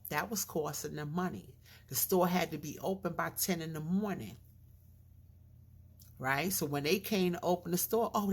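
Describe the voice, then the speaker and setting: Low-voiced woman telling a story. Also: breathy edge. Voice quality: slightly slurred diction. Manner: animated storyteller, acts out quoted voices. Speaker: vlogger. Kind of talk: casual storytelling.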